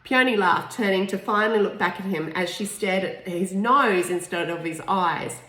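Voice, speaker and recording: A woman's voice: mid-range voice, moderate pace, few pauses, a bit bright. A woman reading her own novel aloud in an informal way, with restarts and small asides. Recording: echoey room.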